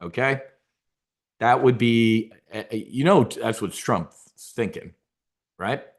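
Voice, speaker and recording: A man's voice: medium pitch, takes it slowly. A man hosting a trading show, talking in a rambling, casual way with many repeated words and asides to his viewers. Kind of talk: casual market commentary.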